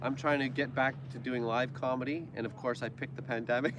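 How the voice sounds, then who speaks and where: A man's voice: medium pitch, fairly even intonation, fairly quick, very noisy. A Canadian man co-hosting a casual livestream chat, jokey and prone to going off on tangents. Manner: chatty, jokey, goes off on tangents. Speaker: livestream co-host.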